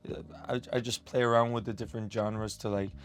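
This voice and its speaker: A man's voice: fairly low pitch, quick pace. Man chatting, filler-heavy. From Colombia. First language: Spanish. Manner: relaxed, many "like" fillers, reflective. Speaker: musician guest. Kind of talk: casual interview chat. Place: studio.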